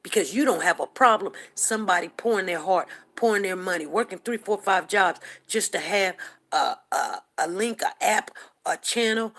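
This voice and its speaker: A woman's voice: medium pitch, expressive, moderate pace, a bit bright. Woman venting on her live show, fired up, keeps repeating herself for emphasis. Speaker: host of a livestream show. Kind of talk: impassioned livestream commentary.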